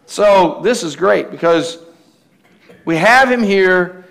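A man's voice: sits high, lively intonation, slow pace, vocal fry, a bit bright. A man preaching a sermon in a conversational way, often putting questions to the congregation. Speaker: pastor.

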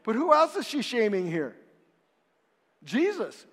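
A man's voice: very high-pitched, wildly swooping pitch, measured pace, fairly bright tone, breathy edge, in a large hall. A male pastor preaching a sermon in a conversational way, posing rhetorical questions and swinging widely in emphasis.

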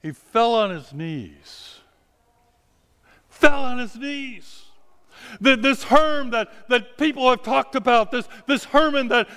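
A man's voice: extremely high pitch, creaky, sharp tone, clear, resonant tone, long reverb tail. A man preaching by telling a story in the first person. He keeps stumbling and repeating words as he retells it.

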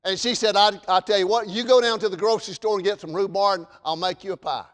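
Southern man preaching, very high voice, fervent, long church echo. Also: steady tone, fast. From American South. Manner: fervent, shouts warnings then drops to folksy storytelling. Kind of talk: sermon.

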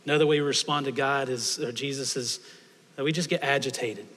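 A man's voice: mid-range voice, steady tone, a little fast, a bit bright. A man preaching a sermon, emphatic and repeating phrases for stress. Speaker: pastor. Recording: long hall reverb.

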